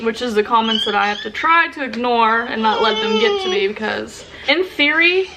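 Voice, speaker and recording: A woman's voice: fairly high pitch, lively intonation, moderate pace, very noisy. A young woman vlogger talking earnestly and emotionally to camera, often restarting her sentences. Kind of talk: casual sit-down talk to camera.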